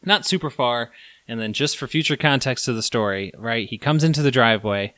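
A man hosting a casual podcast, telling a story in an animated way and acting out his own shouts. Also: mid-range voice, brisk, no echo, studio quality. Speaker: podcast host.

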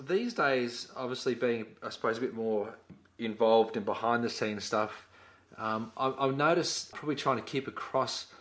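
Lively Australian man telling a story. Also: medium pitch, moderate pace. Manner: lively storytelling, acting out quotes. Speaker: podcast co-host. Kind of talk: casual podcast chat.

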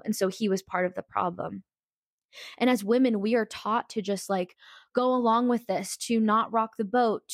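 A woman's voice: medium pitch, no echo, clean studio sound. A young woman telling a personal story in a casual, candid and emphatic way, full of "like" fillers.

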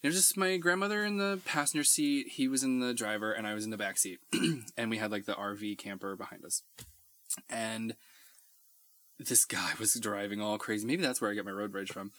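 A man co-hosting a podcast from Texas, chatting casually and telling animated stories with frequent laughs. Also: fairly low pitch, a little fast. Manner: animated storyteller, laughs often. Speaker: podcast co-host. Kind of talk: casual chat.

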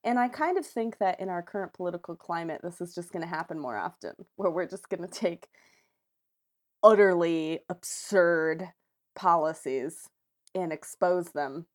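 A woman's voice: fairly low pitch, moderate pace. A woman co-hosting a podcast in casual chat, chatty and sarcastic, laughing often. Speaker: podcast co-host.

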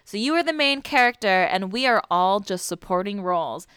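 A woman's voice: medium pitch, expressive, a little fast, a bit bright, clear, resonant tone, dry recording, clean studio sound. A woman co-hosting a podcast in casual chat, crude and playful, laughing often. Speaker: podcast co-host.

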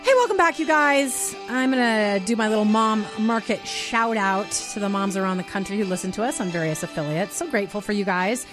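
A woman's voice: mid-range voice, animated, a little fast, hardly any pauses. A woman in her forties from Minnesota, hosting a radio show and podcast in a chatty, emotional way. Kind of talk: casual radio talk. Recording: dry studio mic with faint music.

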